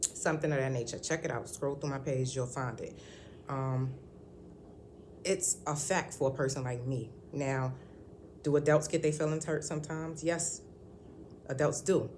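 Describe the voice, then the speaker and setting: A woman's voice: extremely low pitch, fairly even intonation, moderate pace, long pauses, a little mellow, slight background noise. A woman at home talking to her channel in a casual vlog, rambling and candid with lots of ums and restarts. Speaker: vlogger. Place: at home indoors.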